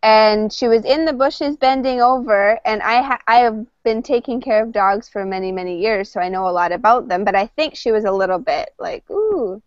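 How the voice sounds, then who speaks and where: Chatty Canadian woman, slightly high voice. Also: moderate pace, few pauses, no room sound, highs cut off. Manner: chatty, with frequent fillers and restarts. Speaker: English conversation teacher. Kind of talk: casual storytelling to a class.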